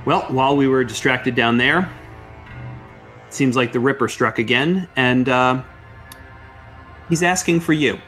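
A man's voice: mid-range voice, measured pace, long pauses, a bit bright, faint music behind, pitched above the performer's own voice, close to an everyday voice. A man voicing an honest, long-serving male police detective in a tabletop game, speaking plainly.

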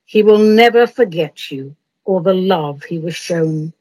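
A kindly old medium from a comic poem speaks sweet, comforting words, read out by a woman. The voice drops a little lower and slows down, staying slightly husky. The tone is gentle and reassuring. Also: rough recording. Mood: soothing. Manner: soothing, sweet.

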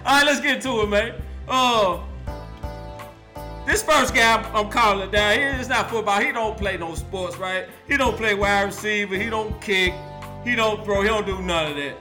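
A man's voice: high-pitched, moderate pace, music in the background. A man hosting a live call-in sports show, roasting players and fans with playful trash talk and frequent laughter.

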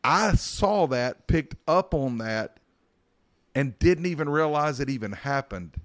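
A man, a pastor co-hosting a podcast, telling a story in a calm, measured way. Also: medium pitch. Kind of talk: casual chat.

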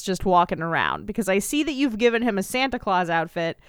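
A woman's voice: fairly high pitch, big pitch swings, moderate pace, few pauses, fairly bright tone, smooth, dry recording, studio quality. A young woman casually and sarcastically recapping a TV episode as a podcast co-host, with a loose, profane way of talking. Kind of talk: casual chat.

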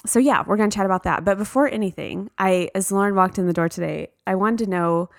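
A woman leading the rundown on a chatty mom podcast, upbeat and talkative. Her voice sits at an ordinary pitch, recorded close on a dry mic with no room sound. She fills her sentences with "like" and "um.". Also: fast, creaky, no room sound. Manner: upbeat, leads the rundown, lots of "like" and "um". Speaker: podcast co-host. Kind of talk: casual chat.

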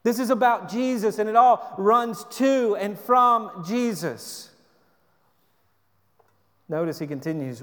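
A man preaching a sermon as a pastor, earnest, repeating words and dropping to a soft low voice for emphasis. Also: a little slow, long pauses, big-room sound.

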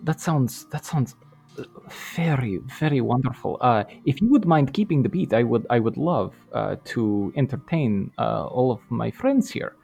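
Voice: mid-range voice, expressive, normal speed, gravelly, a little mellow, breathy edge, soft background music. Stammering, mock-grand bard player. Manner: stammering, playfully pompous. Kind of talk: in-character tabletop role-play.

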